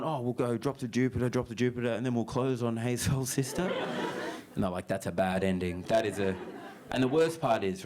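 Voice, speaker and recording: A young Australian man doing a stand-up set, telling a story with lots of "right?" asides and jumping into loud, high impressions. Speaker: stand-up comedian. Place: comedy club stage with audience laughing. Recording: live club recording with audible noise.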